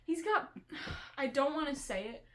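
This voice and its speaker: A woman's voice: sits high, expressive, measured pace. A young woman hosting a casual chat, telling a school story in a chatty way, swearing and laughing often. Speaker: vlogger host.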